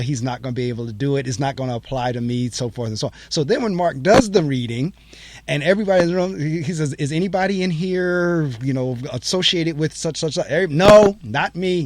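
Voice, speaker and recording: A man hosts an interview, and his voice sits a bit higher than usual. He asks long questions that ramble and restart. The recording sounds dry and close. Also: quick pace, dry recording. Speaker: interview host. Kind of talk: casual interview.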